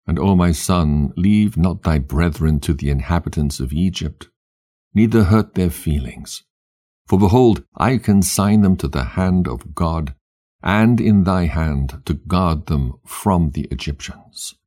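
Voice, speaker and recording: A man reading as the dying patriarch Jacob, deep and solemn. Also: dark tone. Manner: solemn, measured exhortation. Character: dying old patriarch Jacob blessing his sons. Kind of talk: scripted scripture reading.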